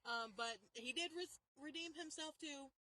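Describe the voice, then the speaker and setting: Chatty southern woman, teasing, bright and kinda high voice. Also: measured pace, poor audio. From Southern United States. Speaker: haunt reviewer co-host. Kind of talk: casual chat.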